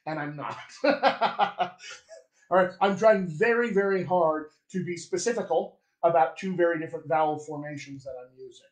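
A man coaching dialects in a live-streamed lesson, playful and chatty with a fairly high voice. He talks to viewers with easy humor. The sound is roomy and echoey. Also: normal speed. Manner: playful, chatty, laughs at himself. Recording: echoey room.

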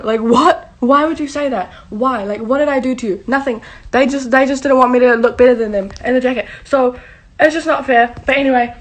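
A young woman vlogging in a gushing, breathless and emotional casual way. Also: a little high. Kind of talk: excited casual vlog.

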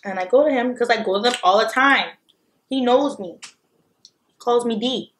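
A young woman telling a story in a casual mukbang vlog, blunt and animated, with frequent swearing. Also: fairly high pitch, normal speed, a little hiss or hum. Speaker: vlogger.

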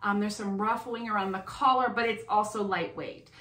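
A middle-aged woman chatting casually at home, unhurried as she describes clothes she is trying on. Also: medium pitch, fairly even intonation, fairly bright tone, echoey room. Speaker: fashion vlogger. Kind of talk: casual try-on haul chat.

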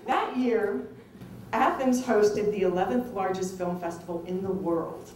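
A middle-aged woman tells a personal story to an audience in a lively, conversational way and acts out other people's lines. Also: medium pitch, unhurried, slight background noise. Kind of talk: personal anecdote told to an audience. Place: film festival venue. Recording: roomy, distant mic with faint ambience.

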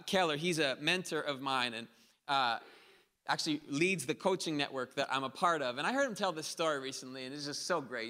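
A man delivers a sermon from the pulpit, his voice bright and forceful and a little higher than most. He swells into emphatic, driving peaks and slips into the voices of the people he quotes. A long reverb trails his words through the hall. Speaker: pastor. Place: church hall.

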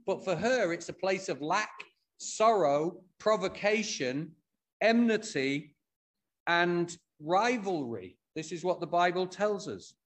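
A man with an English accent preaching a sermon as pastor, retelling a Bible story expressively and with humour. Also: a little high. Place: church.

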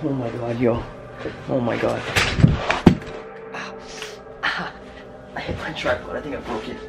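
A man's voice: medium pitch, fairly even intonation, measured pace, vocal fry. A young man vlogging to his viewers, panicky and exclaiming often. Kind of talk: casual scared vlog. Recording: music playing underneath.

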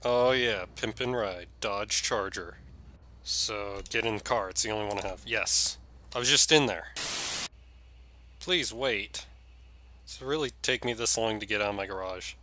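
A man giving excitable, jokey gameplay commentary, yelping and shouting whenever he crashes. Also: fairly low pitch, unhurried, a little hiss or hum. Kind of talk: let's play commentary.

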